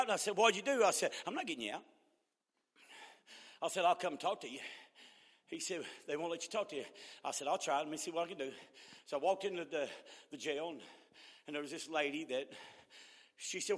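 A man in his sixties preaching a sermon in a church, laughing often and shouting in call-and-response with the congregation. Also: on the high side, expressive, brisk, pauses often, slightly rough, big-room sound. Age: 60s.

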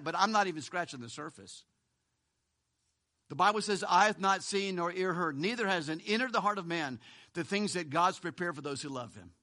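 This pastor's sermon feels like conversation, moving between loud stresses and soft lines, with side remarks and chuckles. His voice is a little high.

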